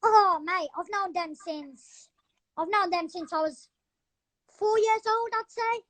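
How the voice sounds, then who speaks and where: A man's voice: very high-pitched, takes it slowly, bright, forceful tone, full character voice. A man improvising a laid-back English bloke who misses the pub, chatty and rambling. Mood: matey.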